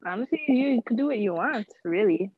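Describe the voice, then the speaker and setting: Easygoing woman, slightly high voice. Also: expressive, brisk, husky, dry recording. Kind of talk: casual chat. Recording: dry, dull lo-fi sound.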